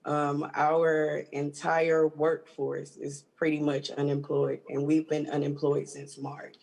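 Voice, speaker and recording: A woman from Georgia, a union stage hand, speaking haltingly and emotionally on a video call. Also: low voice, flat delivery, creaky, a little mellow, rough recording. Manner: halting, emotional, with many restarts.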